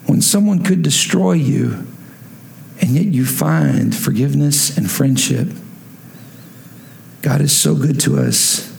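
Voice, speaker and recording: A male pastor preaching a sermon, building from a calm teaching tone to loud, emphatic peaks. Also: on the high side, creaky, roomy sound, poor audio.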